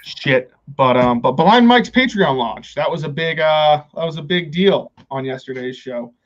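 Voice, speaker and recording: A man's voice: a little high, animated, measured pace. Male podcast host, loose and profane, stumbling restarts, slightly dull audio. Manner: rambling, profane, many restarts. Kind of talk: casual chat.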